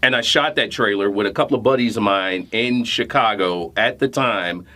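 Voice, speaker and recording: A man co-hosting a casual podcast chat, speaking haltingly with many restarts. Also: fairly low pitch, bright, forceful tone. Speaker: podcast co-host.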